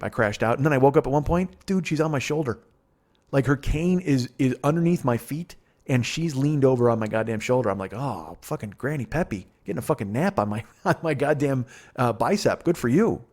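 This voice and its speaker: A man in his forties rattles through a rambling comic story at a fast clip, swearing freely and going off on riffs. He has an ordinary mid-range voice. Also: mid-range voice. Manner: rambling, heavy swearing, riffing asides. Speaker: comedian podcast host. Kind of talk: profane comic storytelling monologue.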